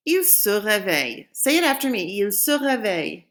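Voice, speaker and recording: A woman French teacher, recording a lesson and modeling phrases slowly for students to repeat. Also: medium pitch, very animated, a bit bright. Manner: slow modeling of phrases for repetition.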